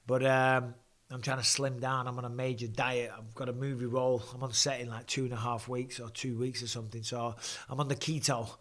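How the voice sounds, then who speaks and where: A man's voice: medium pitch, flat delivery, a little fast, fairly bright tone. A middle-aged man, chatting casually and swearing freely as he hosts a live fight watch-along. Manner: chatty, swears casually, reads out viewer comments. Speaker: host and former fighter.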